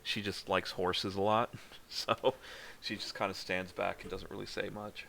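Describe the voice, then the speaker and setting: Game master, man, tired, rambling, low voice, bright tone. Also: flat delivery, unhurried, gravelly, a little hiss or hum. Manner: laughs often, rambling. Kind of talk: narrating a tabletop game.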